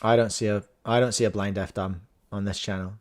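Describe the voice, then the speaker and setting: A man's voice: on the low side, steady tone, brisk. Chatty New man hosting a podcast. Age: adult, married. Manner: playful, chatty, jokey asides. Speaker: podcast host reacting to videos. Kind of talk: casual chat with video reactions.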